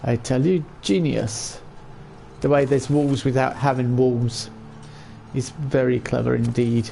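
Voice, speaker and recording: Brief: male streamer, gravelly voice, mid pitch, loose chatty game commentary. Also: flat delivery, a little slow, dark tone, slight background noise. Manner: chatty, chuckles often, talks to chat. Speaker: gaming streamer. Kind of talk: casual let's-play commentary.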